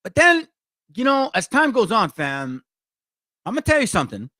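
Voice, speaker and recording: A man's voice: sits high, huge pitch swings, moderate pace, sharp tone, no room sound, clean studio sound. A man, hosting a blunt, confrontational and profane commentary for viewers. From Mexico. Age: 40s. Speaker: channel host.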